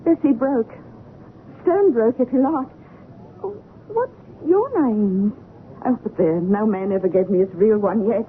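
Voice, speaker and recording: A woman's voice: on the high side, expressive, a little slow, long pauses, slight background noise. An actress playing a timid, poor young street girl in an old radio drama. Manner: timid, hesitant. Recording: tinny lo-fi old radio recording.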